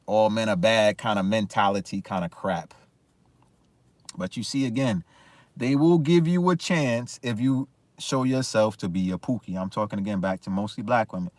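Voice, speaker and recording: A man's voice: lowish voice, a little mellow, no room sound. A man in a casual opinion rant, talking emphatically with many restarts and repeated phrases. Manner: emphatic, repetitive, frequent restarts. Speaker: commentary vlogger.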